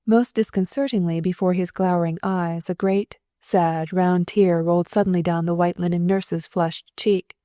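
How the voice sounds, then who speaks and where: A woman narrating an audiobook in a lively, expressive storytelling manner. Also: lowish voice, moderate pace, hardly any pauses, no echo, clean studio sound. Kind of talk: scripted narration.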